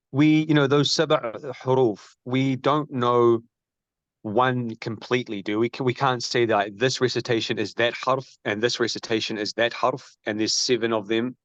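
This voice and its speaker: A man's voice: medium pitch, no room sound, lo-fi sound. Polite male student on a dry call. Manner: polite, hesitant questioning. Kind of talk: asking questions in an online class.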